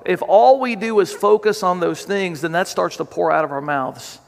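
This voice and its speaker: Pastor, earnest preacher, gravelly and slightly high, long reverb of a church hall. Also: male voice, fast, hardly any pauses. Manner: earnest, repetitive, with frequent restarts and fillers. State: choked up with emotion. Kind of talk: sermon with prayer.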